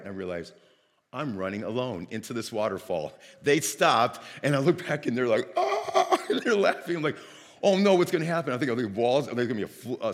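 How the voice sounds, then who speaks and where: A man from Northeast Ohio preaching a sermon, telling a lively personal story and acting out the dialogue. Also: mid-range voice, long reverb tail. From Northeast Ohio, United States.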